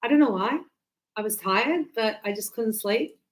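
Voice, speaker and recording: A woman teaching a class, chatty and animated, acting out birds and her students as she explains. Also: on the high side, moderate pace, poor audio. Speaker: English teacher.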